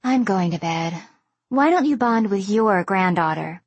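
A woman's voice: mid-range voice, unhurried, husky, no echo, pitched below the performer's own voice. A woman doing a bored, weary mother. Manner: flat, dismissive. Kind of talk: audiobook character voice.

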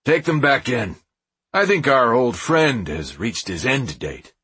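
A man voicing a cold, composed man in charge who speaks in a calm, measured, commanding way. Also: mid-range voice, husky, dry recording, full character voice.

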